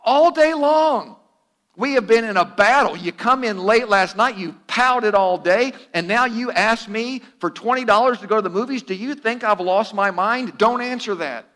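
A man voicing an exasperated middle-aged mother who scolds her teenager in a shrill, indignant way. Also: expressive, measured pace, bright, forceful tone, big-room sound, heavily acted.

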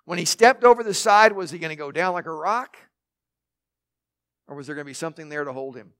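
High-voiced man preaching a sermon. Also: fairly quick, a bit bright. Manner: conversational, with asides and light humor; repeats words when starting sentences. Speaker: pastor. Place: in front of a congregation.

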